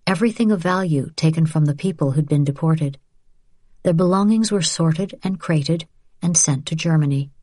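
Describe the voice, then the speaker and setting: A woman reading an audiobook in a measured, steady storytelling manner. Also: sits low, no room sound, clean studio sound. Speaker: audiobook narrator. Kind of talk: scripted narration.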